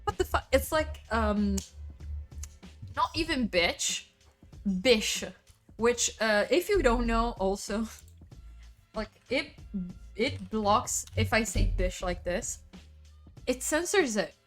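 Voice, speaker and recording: A woman's voice: on the high side, expressive, slow, long pauses, soft background music. A woman with an Italian accent, a native Italian speaker, chatting casually with her stream viewers, laughing often and swearing freely. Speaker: livestreamer.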